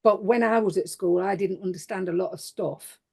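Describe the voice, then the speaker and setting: A middle-aged woman talks in a plain-spoken, reflective way. Her voice is husky and a little breathy. Her pitch sits in a middle range. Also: brisk, darkish tone. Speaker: podcast panelist. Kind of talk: casual panel discussion.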